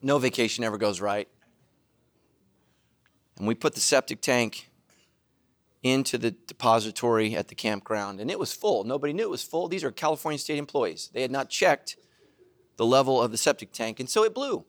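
A middle-aged man preaching a sermon as pastor, joking, laughing at himself and breaking into loud shouted asides. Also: mid-range voice, expressive, normal speed, long pauses.

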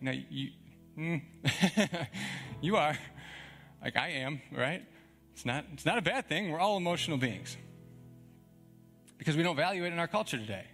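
A man's voice: on the high side, pushed and bright. A young man preaching a sermon as a pastor, talking in a conversational, emphatic way with frequent chuckles.

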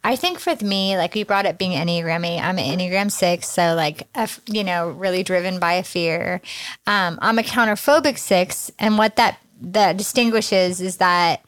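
Reflective woman host, low and dry. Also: normal speed, a bit bright, dry recording. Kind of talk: casual podcast conversation.

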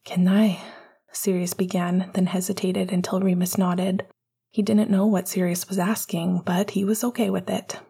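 A woman reading a romance chapter aloud in a hushed, intimate whisper. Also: fairly low pitch, flat delivery, normal speed, creaky, slightly rough. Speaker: audiobook narrator. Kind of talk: whispered narration.

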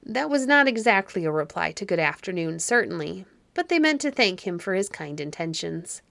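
A woman narrating a children's fairy story audiobook in a calm, measured way. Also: medium pitch, creaky, dry recording.

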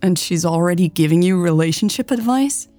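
Tired, dry-humoured boss; a woman reads her, low husky voice, dry room. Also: normal speed, warm tone, dry recording, soft background music. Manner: weary, dry, exasperated. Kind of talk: read-aloud story dialogue.

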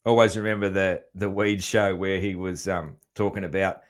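An Australian man with a low, steady voice hosts a podcast at a moderate pace. In casual interview chat, he laughs easily and drops in easygoing fillers.

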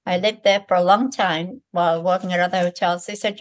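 A woman in her eighties from Liverpool, a guest telling stories of her working life in a brisk, lively way. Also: fairly low pitch. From Liverpool, England. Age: 80s. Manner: lively, brisk storyteller who acts out other people's lines. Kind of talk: conversational storytelling.

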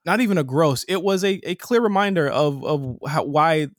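A man's voice: fairly high pitch, moderate pace, dry recording, clean studio sound. A man co-hosting a TV recap podcast, bluntly critiquing an episode and swearing freely. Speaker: podcast co-host. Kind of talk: casual TV recap chat.

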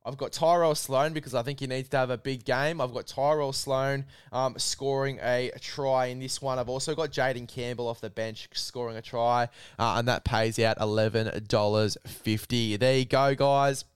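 Male host, matey and upbeat, smooth voice, dry close mic. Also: mid-range voice, fairly even intonation, normal speed, few pauses, no echo. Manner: matey, hypes bets and sponsor with filler "mate". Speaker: podcast host. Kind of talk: casual sports chat.

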